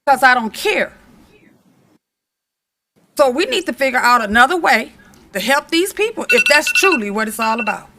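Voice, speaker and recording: A middle-aged woman from Michigan stands at the podium of a city commission meeting and makes her case with passion, hammering her points by repeating them. Her voice sits high and rings bright and forceful. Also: animated, moderate pace, long pauses, a little hiss or hum. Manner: impassioned, repeats phrases for emphasis. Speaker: resident giving public comment. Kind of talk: public comment speech.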